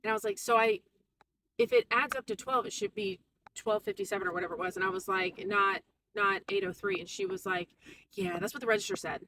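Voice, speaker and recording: A woman vlogging a casual storytime, animated and quoting people in put-on voices. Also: medium pitch, brisk, far from the mic, noisy background.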